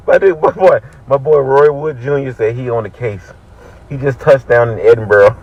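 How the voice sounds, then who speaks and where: A man's voice: medium pitch, animated, unhurried, low-quality recording. A man making a casual reaction video, laughing and talking in slang.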